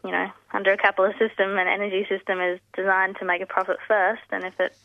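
An earnest woman explains her campaign over a tinny, dry phone line. Her voice is gravelly and low-set, with little rise and fall. She pauses and restarts often. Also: flat delivery, no room sound. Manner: earnest, halting with fillers and restarts. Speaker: campaign spokesperson. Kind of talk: phone interview on community radio. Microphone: telephone.

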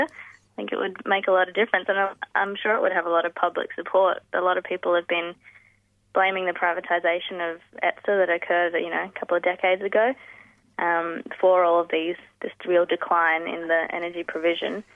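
A woman's voice: on the low side, little pitch movement, fairly quick, no echo. A woman speaking earnestly as a campaign spokesperson in a phone interview, with fillers and restarts. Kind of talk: phone interview on community radio. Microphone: telephone. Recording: tinny phone line, dry.

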